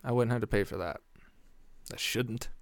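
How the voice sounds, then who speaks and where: A man's voice: mid-range voice, normal speed, smooth, no room sound. A man telling a story casually, swearing a lot, laughing often and acting out the exchanges. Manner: animated retelling, acting out exchanges.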